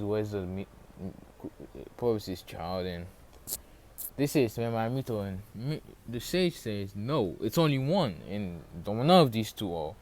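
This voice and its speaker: A man's voice: lowish voice, a little mellow. A man casually retelling a fan story with a sore throat, rambling and losing track of names along the way. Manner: rambling, loses track of names, many fillers.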